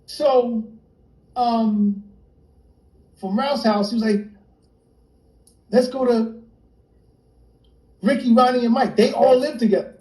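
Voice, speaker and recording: A fairly high-voiced New York man, a rapper and producer, tells a story as an interview guest, animated and lively, acting out each friend's lines in turn. His tone is mellow and warm, his pace slow with long pauses. The sound is roomy and echoey, picked up by a phone or computer on a livestream.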